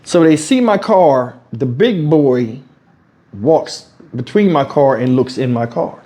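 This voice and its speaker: A man's voice: medium pitch, takes it slowly. A man from Houston telling a story in a casual vlog, acting out what people said and swearing freely, recorded at home on a lapel mic. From Houston, Texas. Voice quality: animated storyteller, acts out quotes, swears freely. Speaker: YouTube commentator. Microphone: wireless lavalier mic.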